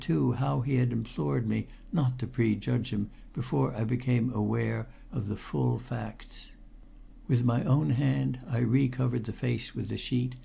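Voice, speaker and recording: A man narrating a first-person mystery audiobook in a measured, grave storytelling manner with a gravelly voice. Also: mid-range voice, dark tone.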